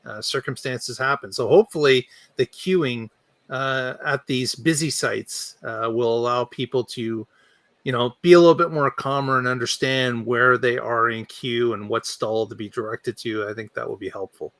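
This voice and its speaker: Bright-voiced man on a dry mic. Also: mid-range voice, moderate pace, no echo. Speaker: podcast co-host. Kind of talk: casual panel chat.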